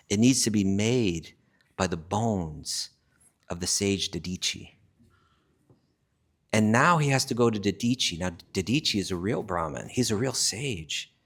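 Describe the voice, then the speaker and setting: A man's voice: lowish voice, vocal fry. A man telling a scripture story to a class in a conversational way, often checking in with "right?" and restarting phrases as he builds his point. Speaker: spiritual teacher.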